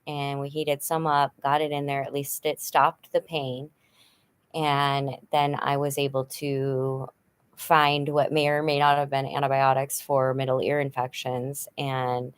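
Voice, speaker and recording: Middle-aged woman venting in her vlog, lowish voice, lots of ums, tired and fed up. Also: flat delivery, unhurried, clean tone. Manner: frank, rambling, with many fillers; frustrated and worn down. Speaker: vlogger. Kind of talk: candid personal vlog.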